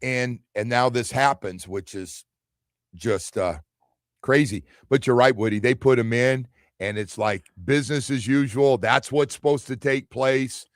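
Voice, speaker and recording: Man, sports radio host, rambling, animated, mid pitch, dry close mic. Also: measured pace, dry recording. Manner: rambling, animated, acts out others' lines. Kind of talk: casual sports talk radio.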